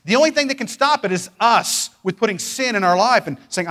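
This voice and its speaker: A male pastor preaching a sermon with fervent intensity, moving from loud declarations to hushed pleading and drawing out phrases for emphasis. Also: high-pitched, lively intonation, a little fast.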